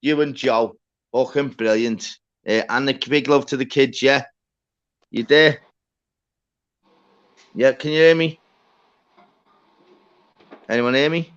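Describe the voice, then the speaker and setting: A man hosting a livestream, telling a story in a lively, sweary way. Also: mid-range voice, slow, long pauses, clean tone. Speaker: livestream host. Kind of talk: casual livestream chat. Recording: dull lo-fi stream audio.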